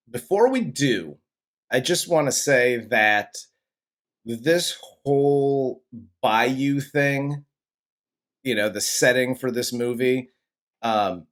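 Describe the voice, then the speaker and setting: Slow-talking man co-hosting a movie chat. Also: medium pitch. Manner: laid-back, profane, laughs often. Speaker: podcast co-host, movie reviewer. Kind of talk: casual chat.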